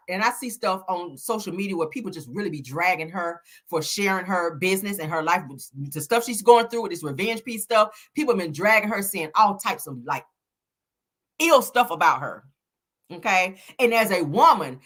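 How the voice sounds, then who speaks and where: Sassy, animated woman gossip host. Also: mid-range voice. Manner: sassy and emphatic, full of "honey" and "child". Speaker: celebrity gossip commentator. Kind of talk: casual commentary vlog.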